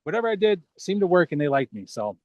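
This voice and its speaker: A man talks in a relaxed, rambling way as an interview guest, often restarting his sentences. The sound is dry and close, with no room echo. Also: high voice, quick pace. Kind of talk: casual interview chat.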